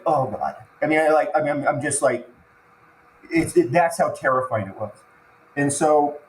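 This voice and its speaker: A man tells a harrowing personal story, stumbling through repeated restarts and choking up in places. His voice sits at an ordinary middle pitch. The recording carries a roomy echo and a faint ambient hiss. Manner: halting, full of restarts, choked up while recounting. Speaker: podcast guest.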